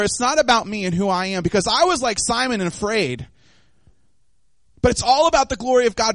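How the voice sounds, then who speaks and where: A young adult man preaching a sermon, telling a story with lively, acted-out voices and quotes. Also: very high voice, no echo.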